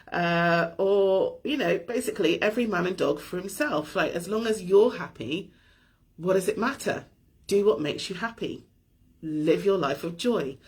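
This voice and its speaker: A woman's voice: fairly low pitch, husky. A middle-aged woman hosting a weekly live show, talking candidly and thoughtfully about her week with light self-deprecating laughs. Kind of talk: candid personal reflection.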